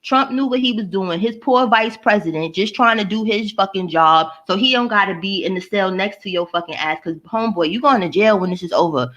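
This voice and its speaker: A woman's voice: mid-range voice, fairly quick, few pauses, fairly bright tone, muffled recording. A woman vlogger ranting casually to her live chat, profane and mocking, answering viewers by name.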